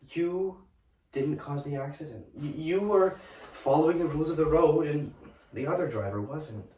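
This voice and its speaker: A young man acting out a tender young ghost who pleads softly and haltingly with the sister he left behind. His slightly high voice carries slowly across a roomy stage from a distance, with music underneath. It is a student musical theatre performance. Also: a little hiss or hum, natural voice. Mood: comforting. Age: young adult. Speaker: student actor.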